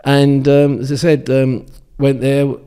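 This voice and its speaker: A man's voice: medium pitch, flat delivery, slow, dark tone, smooth. An English man in his sixties, a guest telling rambling anecdotes with many ums and restarts in a casual interview. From England. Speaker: guest, former darts champion.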